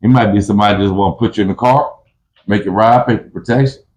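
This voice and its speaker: Low-voiced man with street slang. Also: fast, slight background noise, poor audio. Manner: animated, acts out both sides of fights with raised voice; street slang, frequent restarts. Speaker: podcast guest telling prison stories. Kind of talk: casual storytelling.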